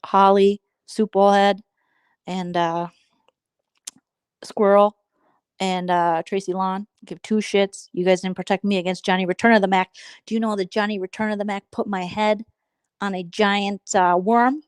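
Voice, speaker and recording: A woman's voice: mid-range voice, fairly even intonation, moderate pace, clean tone, dry recording, lightly acted. Brief: indignant, dramatic complainer lady, dry close sound, as a woman mimics her. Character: indignant woman nursing a grudge.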